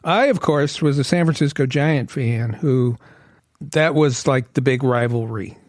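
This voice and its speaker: A chatty man from Los Angeles co-hosting a podcast, with a laugh often slipping into his stories. His pitch sits in the middle range. The recording is close and dry. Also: measured pace, no room sound. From Los Angeles, USA. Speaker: podcast co-host. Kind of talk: casual podcast chat.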